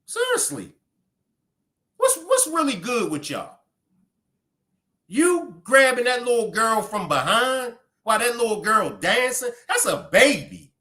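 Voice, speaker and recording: A man's voice: extremely high pitch, big pitch swings, unhurried, sharp tone. A man with a Baltimore accent, hosting a livestream with blunt, profane, fiery commentary. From Baltimore, USA. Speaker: livestream host.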